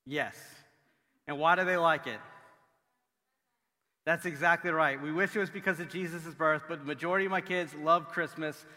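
Bright-voiced pastor preaching in a hall. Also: male voice, fairly high pitch, normal speed, pauses often. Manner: conversational, filler-heavy, animated storytelling. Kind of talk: sermon with humorous family stories. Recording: long hall reverb.

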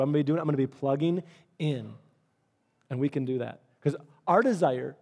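A man's voice: on the high side, dark tone. A middle-aged man preaching a sermon as pastor, in an earnest, conversational way that repeats phrases for emphasis.

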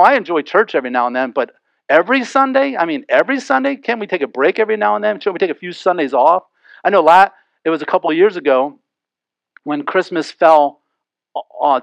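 A middle-aged man preaches a sermon with a fairly high, lively voice. He fires off rhetorical questions and slips into quoted voices to make his point. The sound is dry and close. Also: no room sound, low-quality recording. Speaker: pastor.

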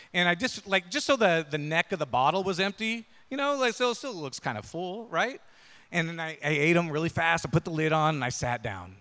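Bright, high-voiced male pastor in a reverberant hall. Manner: conversational, checks in with listeners with "right?" and "yeah?". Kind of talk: sermon with personal storytelling.

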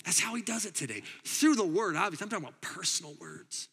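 A male pastor preaches with animated emphasis and frequent laughs. His voice sits high and bright. It rings out with a long reverb, as if in a large hall. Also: fast talker, hardly any pauses, husky. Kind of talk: sermon.

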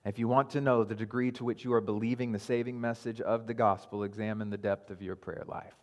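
A man preaching a sermon as pastor, teaching calmly and then building to raised, insistent emphasis, often repeating and restarting phrases for weight. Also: fairly low pitch, fast. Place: church sanctuary. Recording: long hall reverb.

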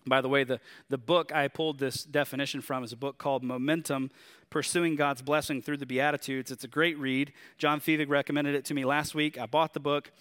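A man with a Southern drawl preaching a sermon in a conversational, animated way, asking his listeners questions. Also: mid-range voice, moderate pace, smooth. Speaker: pastor.

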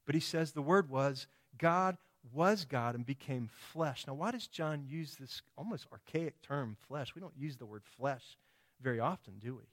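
A man's voice: mid-range voice, animated, moderate pace. A man preaching a sermon, emphatic, with many rhetorical questions and quoted voices.

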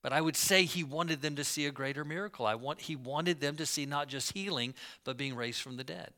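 Bright, clear-voiced storytelling pastor. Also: male voice, fairly high pitch, brisk. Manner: storytelling preacher who acts out the people in the story; casual asides to the congregation. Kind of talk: sermon.

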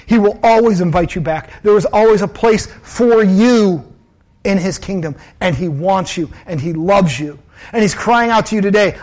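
A man's voice: high-pitched, normal speed, a little mellow. A man preaching a sermon in an earnest, conversational way, telling personal stories and repeating phrases for emphasis. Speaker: pastor.

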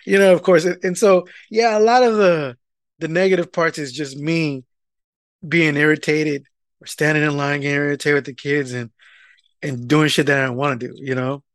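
A man with a high, light voice tells a casual story, swearing freely and loudly acting out the people in it. The sound is dry and close, with no room echo. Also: normal speed. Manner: animated, profane, rant-like, acts out quoted people loudly. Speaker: podcast co-host telling a story. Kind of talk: casual profane storytelling chat.

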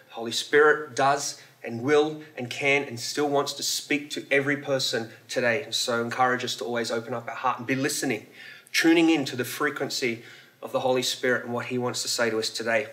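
A pastor gives a relaxed sermon at church, speaking conversationally and using filler words. He has a mid-range, slightly bright voice.

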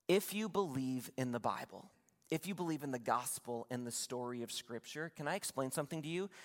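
A man preaching a sermon as pastor, retelling a Bible story in lively, conversational storytelling and acting out the voices. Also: mid-range voice. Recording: long hall reverb.

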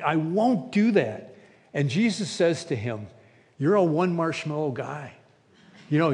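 A man's voice: a little high, a little mellow. Conversational male pastor in a reverberant hall. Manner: conversational, acts out quoted lines with restarts. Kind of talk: sermon.

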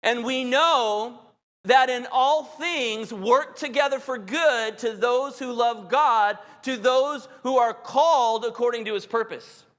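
A man's voice: very high voice, slow pace, fairly bright tone. A man preaching a sermon in a candid, humorous, conversational way. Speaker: pastor. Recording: hall reverb.

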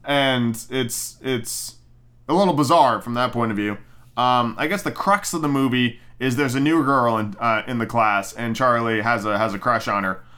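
A man's voice: mid-range voice, moderate pace, sharp tone. A man hosting a podcast, chatting through a movie review in a rambling, profane way, full of ums and restarts. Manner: jokey, does mocking voices of characters. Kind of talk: casual solo review chat.

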